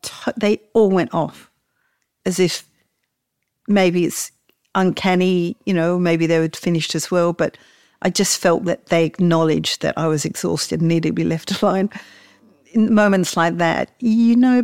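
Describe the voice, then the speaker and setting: A woman's voice: fairly low pitch, steady tone, a little slow, darkish tone, dry recording. A woman, casually telling a story about snorkelling and laughing often as she talks.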